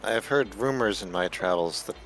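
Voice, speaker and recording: A low-pitched man, a player in a tabletop roleplay, speaks briskly in character as an earnest young male traveler returning to a temple. The traveler talks formally and hesitantly, and soft music plays in the background.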